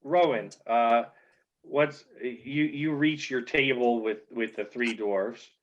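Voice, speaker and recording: Relaxed, halting male game master. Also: mid-range voice. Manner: relaxed, halting narration with many fillers. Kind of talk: narrating a tabletop game. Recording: dull lo-fi audio.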